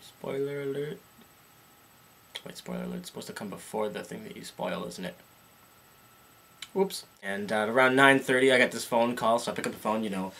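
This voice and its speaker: A man's voice: lowish voice, a little fast, creaky, pauses often, slight background noise. A young man delivering a sarcastic, comic rant as a vlogger. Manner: sarcastic, animated, jumps into funny voices.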